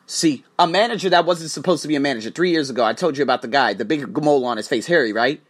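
A man hosting a podcast, talking as a teacher in a profane, ranting, animated manner. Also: fairly high pitch, fast talker. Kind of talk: casual monologue podcast.

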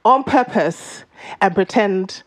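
A woman, co-hosting a podcast, telling a story in lively, animated casual chat. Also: medium pitch, slow pace. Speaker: podcast co-host.

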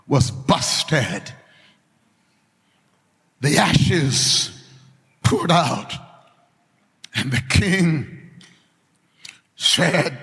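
Fiery preacher shouting in a reverberant hall. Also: male voice, on the high side. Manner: fervent, shouts and chants at climaxes. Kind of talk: sermon.

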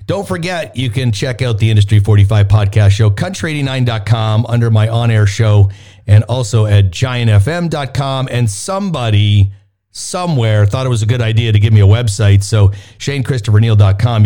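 A man's voice: medium pitch, dark tone. A man with a Canadian accent hosting a radio show, chatting casually with a guest and poking fun at himself. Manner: upbeat, joking, self-deprecating.

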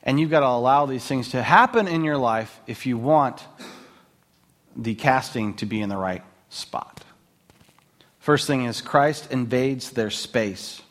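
Lively, joking man preaching a sermon. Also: mid-range voice. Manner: animated, joking storyteller with laughs and filler words. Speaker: pastor. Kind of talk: conversational sermon.

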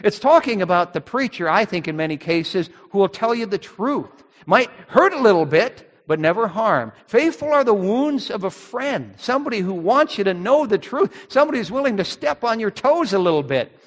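A man's voice: high-pitched, sing-song, normal speed, few pauses, big-room sound. A man preaching a sermon as pastor, emphatic and rising on key words.

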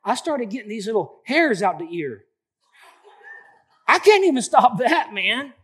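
A man in his late forties preaching a sermon, lively and colloquial, often repeating emphatic phrases. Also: very high-pitched, a little slow, husky. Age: 40s. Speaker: pastor.

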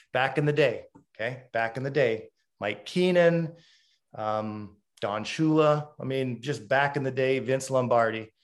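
A middle-aged man, a former hockey coach, telling stories bluntly and with emphasis in an interview. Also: medium pitch. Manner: emphatic storyteller; blunt and direct. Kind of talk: casual interview talk.

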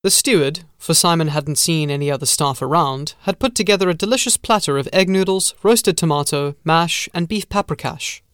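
A man's voice: on the high side, a bit bright, clear, resonant tone, no echo. Male narrator, dry close audiobook sound. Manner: measured storytelling.

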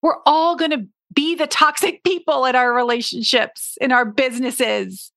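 A woman's voice: high-pitched, steady tone, moderate pace, vocal fry, fairly bright tone, no room sound, studio quality. A woman in her forties hosting a solo podcast, talking to her listeners in an earnest coaching way and acting out her own past complaints. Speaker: podcast host, business coach.

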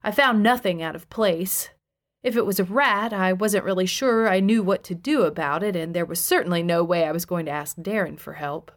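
A woman's voice: lowish voice, moderate pace. A woman reading a first-person audiobook in a wry, conversational storytelling voice. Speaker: audiobook narrator.

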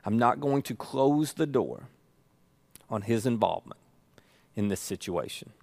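A man's voice: medium pitch, expressive, unhurried, darkish tone, no room sound. Middle-aged male pastor, emphatic sermon delivery, mid-range voice, dry recording. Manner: earnest, emphatic preaching with repeated phrases.

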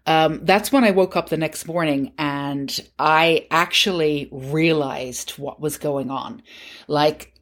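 A middle-aged woman with a low-pitched voice hosts a podcast, slowly telling a personal story. She is candid, conversational, and self-mocking.

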